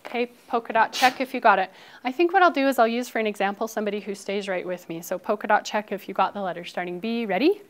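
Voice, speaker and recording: Against a noisy background, a woman teacher with a mid-range voice runs a classroom phonics lesson. Brisk and encouraging, she calls out words, praises the pupils and occasionally hushes to a whisper for one child.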